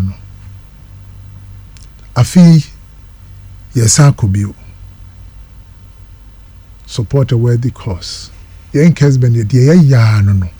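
A man's voice: mid-range voice, dark tone, breathy edge, no room sound. A Ghanaian man hosting a radio call-in show, making an appeal for donations. He switches between Twi and English and repeats lists of items and phone numbers. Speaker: radio host.

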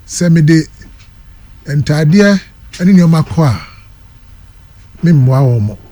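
Ghanaian radio host, dark husky voice. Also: male voice, fairly high pitch, animated, takes it slowly, no room sound. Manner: mixes Twi and English, repeats items and numbers. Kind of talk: appeal for donations on a call-in show.

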